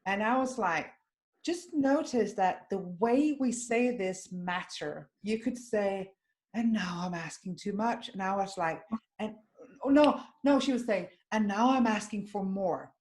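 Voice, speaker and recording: Woman hosting a webinar, halting and searching. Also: mid-range voice. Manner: warm, searching, with frequent restarts. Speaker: webinar host, psychologist. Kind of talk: informal webinar conversation. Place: at home in Sweden, video call. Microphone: video call microphone.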